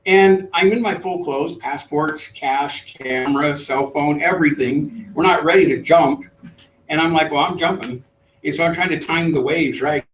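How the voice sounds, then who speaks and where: Man, middle-aged, animated storyteller, slightly high voice, distant mic in a roomy room. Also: moderate pace, slight background noise. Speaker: trainer. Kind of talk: storytelling talk to a live group.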